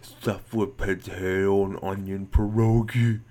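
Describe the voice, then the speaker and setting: A man co-hosting a casual podcast chat, theatrical, his voice shooting up high when he gets excited. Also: slow. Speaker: podcast co-host.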